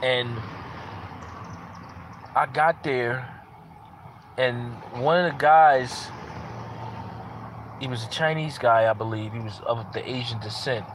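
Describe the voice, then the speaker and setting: A man's voice: mid-range voice, slow, pauses often, a little hiss or hum. Earnest man telling his testimony. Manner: earnest, repeats phrases for emphasis. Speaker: parent sharing a personal testimony. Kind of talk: casual personal testimony.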